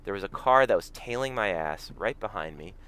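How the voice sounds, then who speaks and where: A man's voice: fairly low pitch, animated, brisk, a bit bright, clean tone. A man from Canada co-hosting a podcast while driving, trading dry, sarcastic jokes in casual chat. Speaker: podcast co-host. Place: driving a car.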